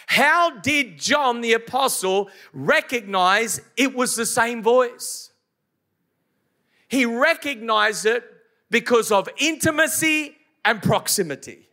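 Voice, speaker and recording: At a church service, a middle-aged pastor preaches a sermon slowly, his very high voice bright, forceful and full of lively intonation. He hammers his points with repetition and fires rhetorical questions at the congregation.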